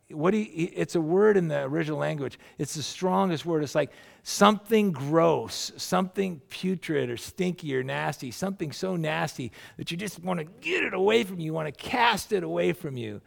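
A middle-aged male pastor with a deeply gravelly, fry-laden voice that sits a bit higher than most men's. He preaches in a loose, chatty storytelling way, circling back and restarting his sentences as he goes. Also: expressive, normal speed. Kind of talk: sermon.

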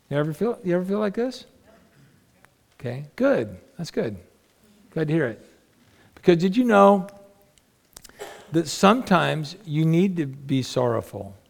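A man delivers a sermon in a loose, conversational way, throwing rhetorical questions at his listeners. His voice sits a bit high and carries a thick gravelly rasp, and a long reverb trails behind each phrase. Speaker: pastor.

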